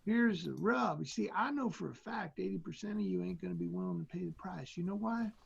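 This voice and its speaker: A man voicing a gruff older male drill instructor with a Southern accent, blunt and menacing as he lays out what the training demands. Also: sits high, a little fast, dull audio, full character voice. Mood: gruff, grim.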